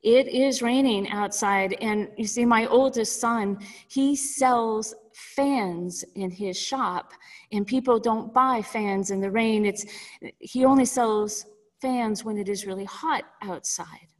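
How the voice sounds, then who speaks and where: A woman voicing a grieving older mother who is always weeping, speaking softly and slowly. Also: on the high side, big-room sound. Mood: sorrowful.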